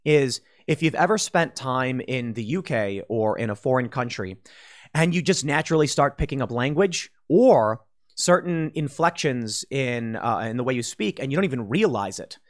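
A man's voice: mid-range voice, lively intonation, moderate pace. Stammering man ranting in a monologue. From Chicago. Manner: rambling, frequent stammered restarts and fillers. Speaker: commentary host. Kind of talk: political commentary monologue.

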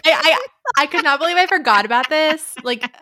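Woman co-host, book podcast, quick and bright, laughs a lot, casual chat. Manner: laughs often, quotes characters in lowered voice.

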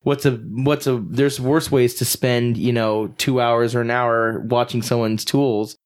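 A man's voice: medium pitch, flat delivery, a little slow. A man co-hosting a podcast, musing wryly in casual banter with some swearing. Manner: wry, swearing. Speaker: podcast co-host.

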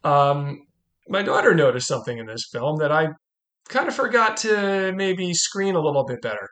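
A man's voice: a little high, normal speed. A middle-aged man hosting a podcast, chatting casually about a film and animatedly acting out its quotes. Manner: animated, acts out movie quotes. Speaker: podcast host.

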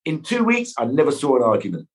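A middle-aged man, a guest actor, telling anecdotes with lively sound effects and voices. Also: mid-range voice, fast. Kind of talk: animated storytelling.

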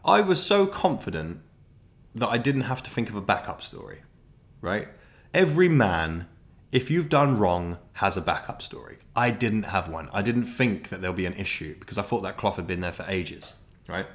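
Young man, low-ish voice, rambling comic storyteller, podcast host. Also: normal speed. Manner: rambling, self-mocking, animated with many fillers.

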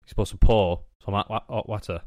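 A man's voice: lowish voice, fairly even intonation, fast talker, a little mellow, dry recording, studio quality. A young man with a Northern English accent co-hosting a podcast, chatting in blunt, sweary banter. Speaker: podcast co-host. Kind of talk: casual chat.

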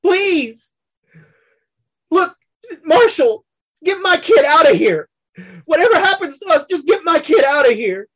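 A woman voicing a desperate frontier father begging for his son to be taken to safety, high and pleading. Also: very animated, a little slow, long pauses, heavily acted. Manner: pleading, breaking into cries.

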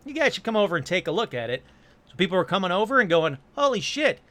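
Lively, bright-voiced man telling UFO tales. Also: sits high, rapid-fire. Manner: animated, jokey asides, puts on silly voices briefly. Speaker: host. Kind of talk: casual storytelling monologue.

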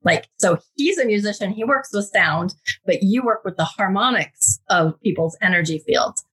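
Woman, husky tone, casual storytelling, animated, acts out dialogue. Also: moderate pace. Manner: animated, acts out quotes with big pitch jumps. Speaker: guest, intuitive reader.

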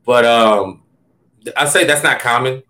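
A man's voice: medium pitch, measured pace. Chatty male comedian telling stories. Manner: loose, filler-heavy, animated anecdotes. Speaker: stand-up comedian, guest. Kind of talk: casual storytelling chat.

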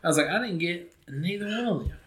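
A man's voice: high-pitched, animated, fast, crowd noise. A young man chatting casually, telling stories in a loose, rambling way and laughing often. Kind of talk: casual chat.

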